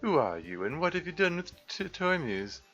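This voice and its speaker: Man doing a sarcastic older brother, attempted yorkshire accent, visual novel, bright voice, lo-fi audio. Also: a little high, sing-song, moderate pace, faint music behind, voice pushed up. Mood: teasing.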